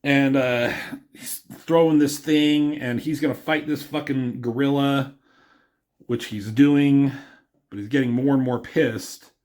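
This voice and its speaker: A man's voice: mid-range voice, fairly even intonation, measured pace, darkish tone. A man reviewing a comic book in a loose, rambling way, with lots of fillers and a chuckle now and then. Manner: rambling, filler-heavy, chuckles at his own jokes. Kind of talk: casual video review.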